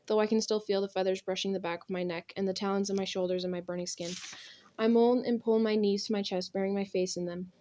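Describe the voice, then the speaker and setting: A young woman narrating an audiobook in the first person, with an expressive, intense, dramatic delivery. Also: medium pitch.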